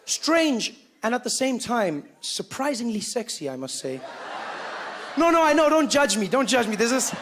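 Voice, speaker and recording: Young South African male comic, high light voice, lively self-mocking storyteller. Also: moderate pace, a little hiss or hum. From Johannesburg, South Africa. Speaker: stand-up comedian. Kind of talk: stand-up comedy routine.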